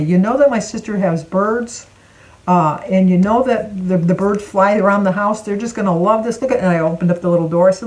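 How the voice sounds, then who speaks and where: An older woman from Michigan tells a long family story to camera. Her voice sits at a middle pitch. She talks casually and acts out the other people's lines with lively changes in her voice. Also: fairly quick, low-quality recording. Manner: animated, acts out quoted voices. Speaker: vlogger.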